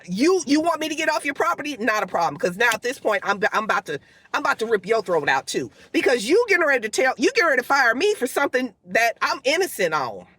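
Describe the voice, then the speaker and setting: A woman telling a story in a casual vlog from her car, lively and dramatic, acting out what everyone said. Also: on the high side, fast talker, slightly rough, rough recording. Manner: animated storytelling, acts out quotes. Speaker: vlogger.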